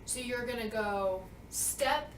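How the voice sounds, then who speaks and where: A woman's voice: a little high, slow, slight background noise. A woman walking a youth cast through a dance routine, chatty and often checking in with "okay?". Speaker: choreographer. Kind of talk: dance walkthrough. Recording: echoey room, mic at a distance.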